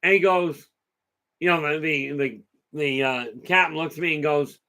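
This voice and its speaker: A man hosting a casual live talk tells a long story in a rambling, chatty way. His voice is bright and pitched a little high. He keeps restarting sentences and turning aside to answer viewer comments. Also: normal speed. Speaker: host.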